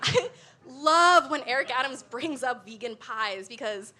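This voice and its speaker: A young adult woman delivering an animated comedic talk to a live audience, laughing often between lines. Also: sits high, a little slow. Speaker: comedy show guest.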